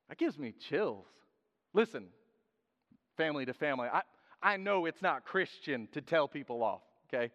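A man preaching a sermon in a lively, joking way, acting out quotes in different voices. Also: fairly high pitch, moderate pace. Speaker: pastor. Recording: dull sound with long hall reverb.

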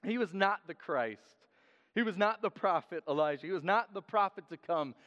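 A man preaching a sermon in a lively, joking way, acting out quotes in different voices. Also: high-pitched, normal speed. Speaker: pastor. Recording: dull sound with long hall reverb.

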